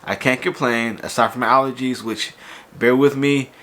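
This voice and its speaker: A man hosting a casual toy unboxing vlog, sounding stuffy and nasal from allergies, telling his story in an animated, exasperated way. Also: medium pitch, moderate pace. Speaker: toy collector vlogger.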